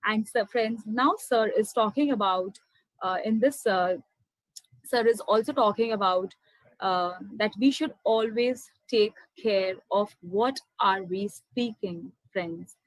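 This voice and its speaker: A young woman with an Indian English accent shares a motivational personal testimony, earnestly recounting a spiritual story and calling her listeners "my dear friends." She speaks slowly at a medium pitch, and the dry recording has poor audio.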